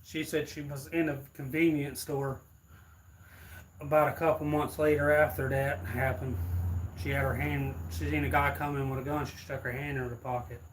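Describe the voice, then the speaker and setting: A man's voice: medium pitch, little pitch movement, normal speed, slight background noise, poor audio. Rambling storyteller, man. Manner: rambling, loose retelling. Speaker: streamer. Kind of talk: casual storytelling.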